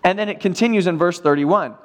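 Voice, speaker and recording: High-voiced man preaching a lively sermon. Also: brisk. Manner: casual, animated storytelling with acted-out quotes. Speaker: pastor. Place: church.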